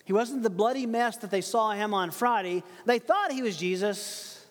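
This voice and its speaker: A man preaching a verse-by-verse sermon, animated and emphatic, laughing often. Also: high-pitched, normal speed, long reverb tail. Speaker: pastor. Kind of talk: expository sermon.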